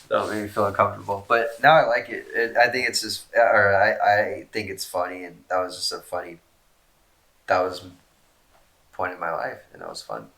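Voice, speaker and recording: Man, deep low voice with a sharp bright edge, laid-back rambling answers, lots of swearing. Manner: self-mocking jokes. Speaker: skateboarder answering fan questions. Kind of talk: casual Q&A, reading out viewer questions.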